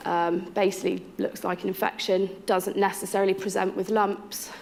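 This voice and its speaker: A woman recounts her own story in a frank, down-to-earth way. She slips into quoted voices and her own past thoughts as she goes. Her pitch sits in an ordinary middle range. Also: normal speed, creaky, a little hiss or hum. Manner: candid, frank, lively quoting of others and herself. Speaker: interviewee telling her story. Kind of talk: personal storytelling.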